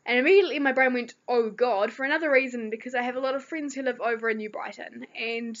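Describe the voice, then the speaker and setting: A teenage girl with a New Zealand accent chats to her camera with a slightly high voice. She rambles through a story with plenty of fillers. The recording sounds dull and lo-fi. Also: fairly even intonation, fast talker, fairly bright tone. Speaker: vlogger. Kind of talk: casual chat.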